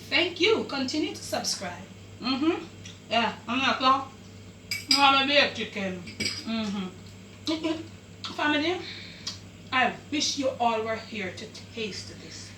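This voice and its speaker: A woman with a Jamaican accent hosts a cooking video in her home kitchen, chatty and full of exclamations. Her voice is high and bright. The camera mic sits some distance off in an echoey room. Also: lively intonation, takes it slowly, pauses often, a little hiss or hum. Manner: chatty, exclaims while tasting. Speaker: cooking channel host. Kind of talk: casual cooking demonstration.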